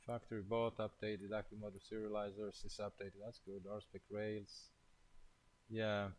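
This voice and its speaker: A man's voice: on the low side, little pitch movement, normal speed, low-quality recording. A man thinking aloud while live coding, muttering to himself in casual, half-finished and mildly profane remarks. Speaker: programmer leading a coding session.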